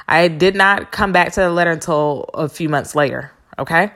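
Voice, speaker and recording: A woman's voice: sits low, normal speed, a bit bright. A woman hosting a podcast, telling a personal story in a candid, blunt and profane casual monologue with slangy asides. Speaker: podcast host.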